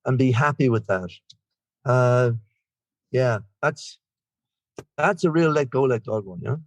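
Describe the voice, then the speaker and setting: Over a video call, a guest speaker at a recovery meeting rambles and chats, poking fun at himself along the way. He's an Irishman in his sixties with an Irish accent, his medium-pitched voice lively and unhurried in a dry recording.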